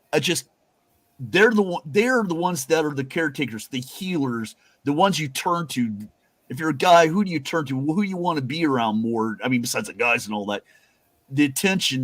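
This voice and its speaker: A man's voice: fairly high pitch, no room sound. A man hosting a casual talk show, rambling and swearing with emphatic asides. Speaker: host. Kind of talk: casual chat.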